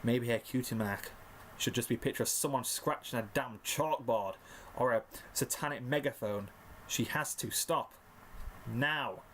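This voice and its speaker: A man's voice: medium pitch, moderate pace, a bit bright, slight background noise. A man narrating a second-person fanfiction story in a mock-dramatic way. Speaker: fanfiction reader.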